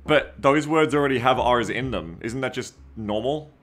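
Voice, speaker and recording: A man's voice: medium pitch, normal speed, fairly bright tone. A man streaming a game live, chatting casually and reading viewer comments aloud. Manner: chatty, reads viewer comments aloud, often second-guesses himself mid-sentence.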